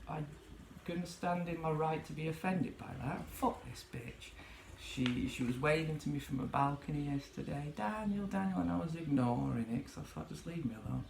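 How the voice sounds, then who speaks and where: A man's voice: on the high side, gravelly, darkish tone, reverberant, slight background noise. A man ranting casually to his vlog audience from his bedroom, swearing freely and rambling with many fillers. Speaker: vlogger.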